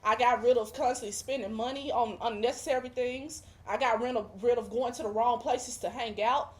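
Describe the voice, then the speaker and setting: A woman's voice: a little high, fairly even intonation, a little fast. A woman guest giving a religious testimony, speaking emphatically with preacher-like repetition. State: emotional, near tears at times.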